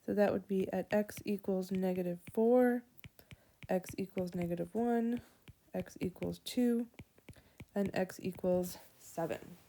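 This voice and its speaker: A woman teacher giving a whiteboard math lesson, walking through each step slowly and aloud. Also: medium pitch, mellow, slight background noise. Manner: slow, deliberate, walks through steps aloud. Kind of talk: whiteboard lesson explaining calculus.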